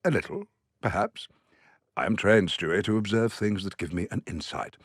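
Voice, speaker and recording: An actor voicing a calm middle-aged British therapist who speaks in a measured, probing way. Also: male voice, lowish voice, husky, no room sound, clean studio sound.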